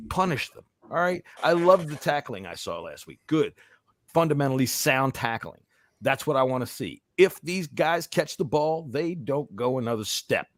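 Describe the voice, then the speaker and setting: A man's voice: mid-range voice, sing-song, normal speed, dry recording. A man hosting a casual sports podcast, talking in a profane, fired-up way. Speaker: podcast host.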